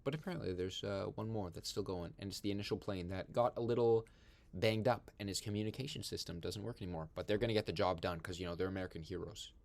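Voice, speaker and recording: Excitable young man recapping a film. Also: low-pitched, quick pace, vocal fry. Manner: rambling, excited, full of fillers. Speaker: film discussion host.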